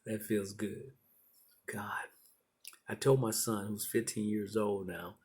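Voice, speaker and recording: A man's voice: fairly low pitch, steady tone, a little slow, a little mellow, breathy edge. A middle-aged man preaching a sermon, building in repeated encouraging phrases. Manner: repetitive, encouraging preaching cadence.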